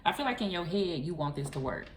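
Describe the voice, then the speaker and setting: A woman's voice: lowish voice, animated, quick pace. Chatty tarot reader woman, echoey room. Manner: chatty, calls listener boo and honey. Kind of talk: casual tarot reading. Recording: echoey room, faint hiss.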